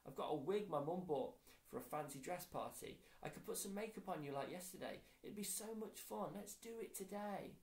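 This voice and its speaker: A man's voice: high voice, animated, normal speed, hardly any pauses, darkish tone, echoey room, voice pushed up. A male teacher voicing Lisa, a cheerful, eager schoolgirl who talks in a bubbly, coaxing way.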